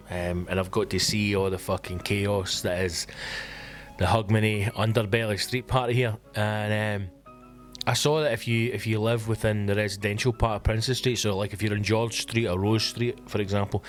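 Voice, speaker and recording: Sweary ranting Scottish man. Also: on the low side. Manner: sweary, ranting, animated storytelling. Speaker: comedian podcast host. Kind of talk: casual comic monologue.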